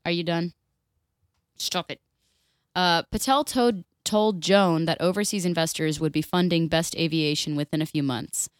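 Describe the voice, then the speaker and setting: Her voice runs on the low side, clear and resonant, with fairly even intonation and normal speed as she reads a story aloud on a casual podcast she co-hosts. She interrupts with blunt, sweary asides and laughs often; the studio-quality recording has no room sound.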